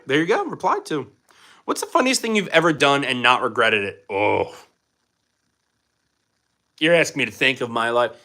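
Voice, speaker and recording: A man's voice: a little high, bright, forceful tone. A young man hosting a casual live stream from his home, joking as he answers chat questions.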